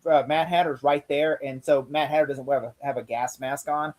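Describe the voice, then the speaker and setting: High-voiced rambling young man. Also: moderate pace, rough recording. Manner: rambling, excitable, many restarts. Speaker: podcast co-host. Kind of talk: casual show review chat.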